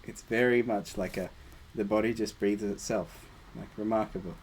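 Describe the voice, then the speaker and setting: Easygoing man guiding group meditation over a call, lower voice, casual and playful. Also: normal speed, a little hiss or hum. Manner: relaxed, casual, chatty with playful asides. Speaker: meditation teacher leading a group. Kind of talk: guided meditation discussion.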